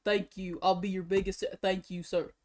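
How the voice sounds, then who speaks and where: A young woman streamer in casual reaction chat, giggly and excitable, often breaking into laughter. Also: mid-range voice, normal speed, noisy background.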